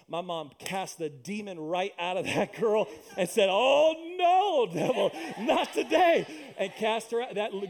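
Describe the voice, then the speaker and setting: In a loudspeaker-equipped church, a male pastor with a high-pitched, slightly mellow voice delivers an emphatic, repetitive sermon. He breaks off now and then for asides and jokes aimed at the congregation.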